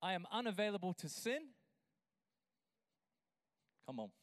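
A man preaching a sermon as a pastor, building to emphatic, drawn-out lines and breaking into chatty asides with a laugh. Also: high-pitched, sing-song, no room sound, studio quality.

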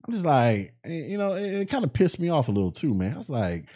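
Talking fast in a sing-song way, a male podcast host spins a rambling, casual story with big swings in pitch and a warm, dark voice. His speech is loose and laced with slang and swearing, and he frequently halts and restarts partway through sentences.

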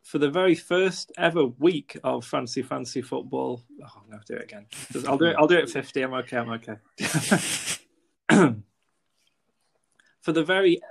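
Young man, gravelly voice, casual podcast chat, restarts and self-mocking. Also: mid-range voice, moderate pace, pauses often. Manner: restarts takes, self-deprecating, laughs at own slips. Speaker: podcast co-host.

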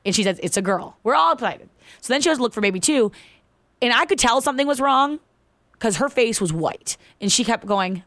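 A woman's voice: on the high side, a little fast, dry recording. A woman casually telling a personal story, acting out the voices of the people in it. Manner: animated, acts out quoted voices.

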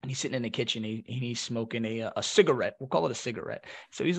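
A young man tells a story in a relaxed, casual way and acts out the voices of the people in it. His voice is gravelly and a little husky, sitting slightly high for a man. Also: fast talker. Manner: animated, acts out quoted voices. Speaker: podcast guest.

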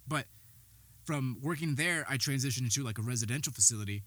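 A man's voice: mid-range voice, quick pace, a bit bright, breathy edge, no room sound. Man, podcast host, candid storytelling, rambling, swears a lot, a bit breathless, dry sound. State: slightly out of breath. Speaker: behavioral health worker. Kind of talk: personal storytelling.

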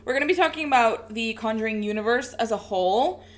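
A woman's voice: fairly high pitch, quick pace. A young adult woman with an Australian accent, co-hosting a casual podcast, giggly and swearing freely. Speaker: podcast co-host.

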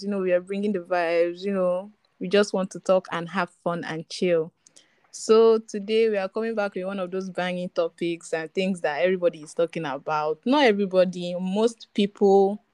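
A young woman hosts a relaxed podcast, chatty and teasing with her guest. Her voice sits at an everyday pitch. The sound is dry and close. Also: no room sound. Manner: playful, teasing, laughs often. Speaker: podcast host. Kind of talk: casual podcast chat.

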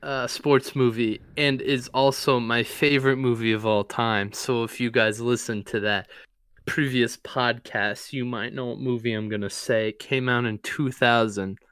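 A man talks through his picks in a loose, conversational way, his voice smooth and clear. The sound is close and dry, with no room behind him. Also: mid-range voice, fairly even intonation, unhurried, a bit bright, dry recording. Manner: loose and conversational, ranking favorites with easygoing asides. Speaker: podcast co-host. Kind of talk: casual sports podcast chat.

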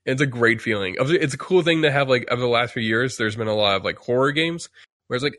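A man's voice: mid-range voice, fast talker, fairly bright tone, no room sound. A man chatting casually on a podcast, rambling with many restarts and fillers while acting out quotes. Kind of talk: casual chat.

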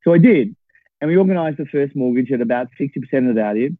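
Man, 60s, podcast guest, animated storyteller, dry tinny phone-line sound. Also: mid-range voice, fast talker, no room sound. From Australia. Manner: animated, checks in with "right?". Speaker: podcast guest, property investor. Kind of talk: storytelling in a conversation.

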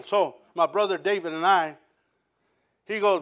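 A man preaching from the pulpit, his voice sitting very high. He tells his testimony with animated energy, acting out the people he quotes. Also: moderate pace. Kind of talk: sermon testimony.

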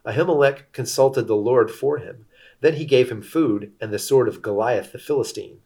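A man's voice: mid-range voice, moderate pace, dark tone, close to an everyday voice. A man reading the part of a scheming informer reporting to his king. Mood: telling.

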